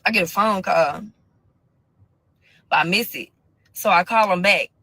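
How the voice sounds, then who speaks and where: A woman rants through a personal story for her viewers in bright, cutting tones, heavy with profanity and slang. She drops to low mutters, then bursts into loud crying shouts. The sound is close and dry. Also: measured pace, no room sound, poor audio. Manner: profane, blunt street slang. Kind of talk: casual storytime rant.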